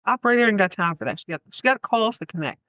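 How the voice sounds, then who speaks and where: A woman podcast host walks through an old film in a loose, joking, slangy way, full of side comments. Her voice sits at an ordinary middle pitch. The recording is close and dry, with no room sound. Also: animated, quick pace, dry recording, highs cut off. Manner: playful, slangy storytelling with asides. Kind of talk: casual film review podcast.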